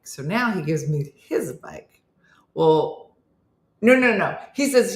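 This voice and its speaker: A woman's voice: sits low, animated, moderate pace, fairly bright tone, echoey room. A woman telling a comic story about her morning, acting out both sides of a quarrel and laughing through it. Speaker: comedian and morning show host.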